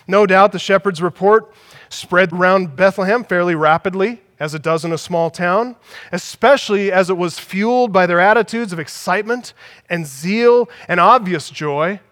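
A man's voice: high-pitched, normal speed, fairly bright tone. A man preaching a sermon as pastor, emphatic, building his points through repetition. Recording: long hall reverb.

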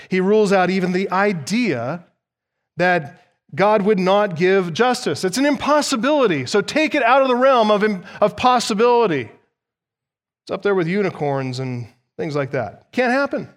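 High-voiced pastor preaching in a reverberant hall. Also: male voice. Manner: emphatic, repeats key phrases for stress. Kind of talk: expository sermon.

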